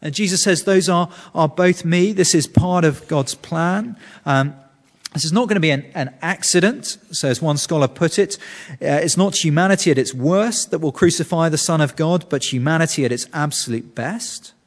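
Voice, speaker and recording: In a reverberant hall, a man with a slightly high voice preaches a sermon at normal speed. He explains scripture earnestly and often restarts his sentences.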